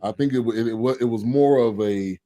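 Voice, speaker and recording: A man's voice: mid-range voice, a little fast, mellow. Easygoing man hosting a movie chat. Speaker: podcast co-host. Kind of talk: casual movie review chat.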